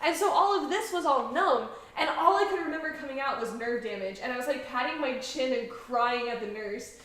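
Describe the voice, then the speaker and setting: A woman's voice: high-pitched, fairly quick, fairly bright tone. Chatty young woman in an echoey kitchen. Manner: chatty storyteller, many "like"s and laughs. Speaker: cooking show host. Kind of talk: casual chat while cooking. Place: home kitchen. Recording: echoey kitchen, mic far off.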